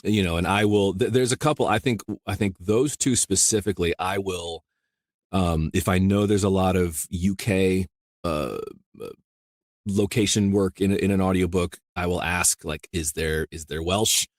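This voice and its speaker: A man from rural Iowa with a very low voice talks shop as an interview guest. He rambles easily, circling back with "you know" and restarting thoughts. The sound is close and dry. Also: fairly even intonation, moderate pace, a little mellow, no echo. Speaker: audiobook narrator, guest. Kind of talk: casual interview chat.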